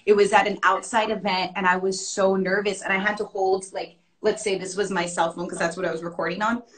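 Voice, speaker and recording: A young adult woman talks as a guest in a relaxed conversation. Her voice sits at a middling pitch, and she is chatty, filling her sentences with "um" and "like". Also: a little fast. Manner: chatty, with frequent fillers like "um" and "like". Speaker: guest, interviewer. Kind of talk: casual chat.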